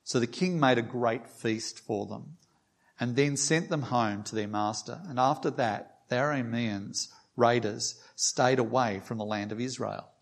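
A man's voice: mid-range voice, measured pace, gravelly. A man preaching a sermon, reading a passage aloud with small restarts and lightly voicing the quoted lines. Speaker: pastor.

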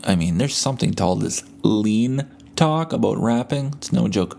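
Male podcaster, gravelly and laid-back, rambling and profane, buzzed from painkillers and bedridden at home. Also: fairly low pitch, expressive, normal speed, darkish tone, a little hiss or hum. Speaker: podcast host. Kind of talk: casual solo podcast storytelling.

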